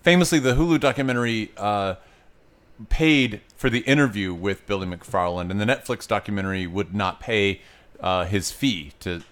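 A man's voice: on the low side, normal speed, a bit bright. A man co-hosting a casual movie-review podcast, blunt and outspoken, cursing freely as he gives his opinions. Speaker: podcast co-host.

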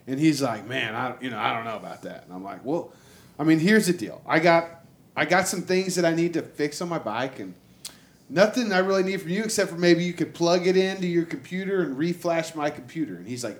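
A man telling a long road-trip story in casual, profane chat, jumping into higher voices to act out what people said. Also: moderate pace. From Texas. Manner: animated, acts out quotes in a raised voice, lots of "like" and swearing. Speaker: storyteller guest.

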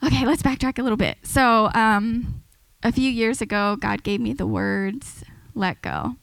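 A woman's voice: fairly high pitch, fairly even intonation, unhurried, gravelly, no echo, poor audio. A woman giving an informal, earnest sermon to a church, talking conversationally and often restarting her sentences. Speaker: preacher.

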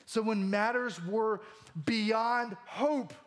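A man in his thirties preaching a sermon, animated and jokey, acting out the lines he quotes. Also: high voice, very slow. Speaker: pastor.

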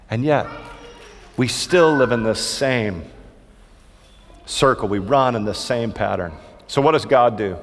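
A man's voice: medium pitch, long reverb tail. A man preaching a sermon in a church, conversational and humorous, often checking in with "right?" as he goes. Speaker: pastor. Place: church sanctuary.

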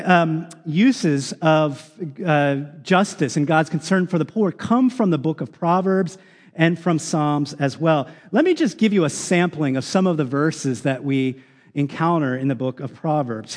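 A man's voice: fairly high pitch, a little slow. Man preaching in a reverberant hall. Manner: earnest, reads scripture aloud with many ums. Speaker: pastor. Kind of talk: sermon. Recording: long reverb of a large hall.

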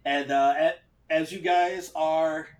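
Halting man running a tabletop game. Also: a little high, steady tone. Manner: halting, full of fillers and restarts. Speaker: game master.

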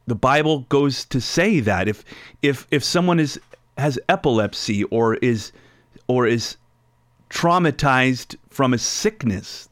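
A male pastor delivering a sermon at a slow, unhurried pace. He reads scripture aloud and then explains it line by line. His voice sounds close and dry, with little room echo. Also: mid-range voice, fairly bright tone.

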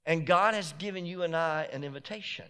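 A pastor preaching a sermon in an emphatic, repetitive way that builds to shouted peaks. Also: male voice, fairly high pitch, a little fast, smooth.

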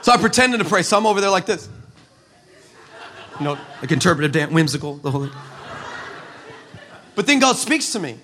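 A male preacher from West Texas tells a funny story to his church, sarcastic and full of stammered restarts. His voice sits high for a man and rings bright and forceful. He speaks in a lively, animated way. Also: a little fast, long pauses, slight background noise. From El Paso, West Texas, USA. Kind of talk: comic storytelling sermon.

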